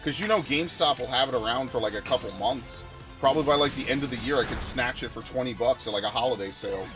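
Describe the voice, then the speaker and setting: A man's voice: medium pitch, quick pace, over music. A man streaming a game, ranting with exasperation and lots of swearing. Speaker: gaming streamer.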